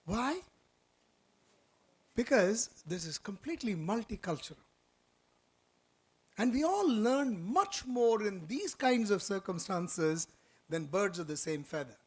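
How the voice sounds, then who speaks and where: A man giving a lively motivational orientation talk in an auditorium, quizzing the audience and telling stories. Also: high voice, slow, pauses often, breathy edge. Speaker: orientation speaker.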